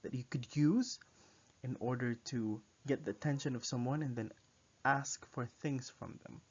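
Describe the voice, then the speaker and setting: A man teaching a recorded language lesson, repeating each phrase slowly for the learner to copy. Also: mid-range voice, a little mellow, slightly rough. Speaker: French teacher. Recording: muffled lo-fi recording.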